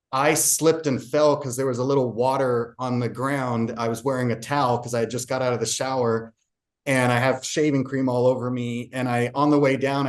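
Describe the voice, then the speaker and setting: A man guest on a podcast, earnestly recounting a personal story with frequent fillers and restarts. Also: medium pitch. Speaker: podcast guest, real estate agent.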